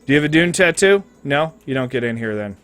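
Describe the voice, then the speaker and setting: A man's voice: medium pitch, lively intonation, fast talker, a bit bright, clear, resonant tone, faint music behind. A man streaming a game, chatting casually in a rambling, joking, profane way.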